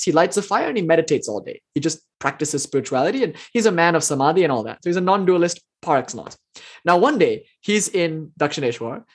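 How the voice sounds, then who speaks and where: Man telling spiritual stories casually. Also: on the high side. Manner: conversational, often checks in with the listeners. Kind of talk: casual spiritual storytelling talk.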